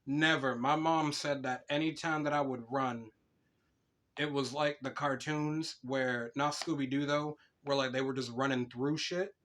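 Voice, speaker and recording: A young man talks casually on a podcast, his voice pitched right in the middle. He tells long stories with a lot of energy and curses freely as he goes. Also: a little slow. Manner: swears a lot, animated storytelling. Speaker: podcast co-host.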